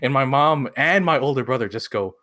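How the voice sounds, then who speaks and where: A man's voice: medium pitch, a little fast, bright, forceful tone. Laughing, swearing man telling stories. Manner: laughing storyteller, swears often. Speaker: podcast co-host. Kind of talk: casual chat. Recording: live stream podcast.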